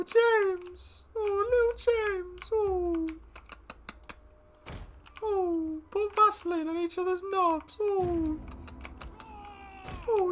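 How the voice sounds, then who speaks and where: A man putting on a simpering, cooing falsetto to mock a friend with long teasing sighs. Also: a little hiss or hum, exaggerated voice. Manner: mocking, drawn-out teasing sighs.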